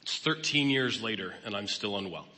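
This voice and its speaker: A man's voice: on the low side, animated, normal speed, pushed and bright. A man in his fifties, a therapist giving a candid, personal talk in a conversational sermon style. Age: 50s. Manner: candid, personal, plain-spoken. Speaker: guest speaker and therapist. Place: church hall. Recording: long reverb of a large hall.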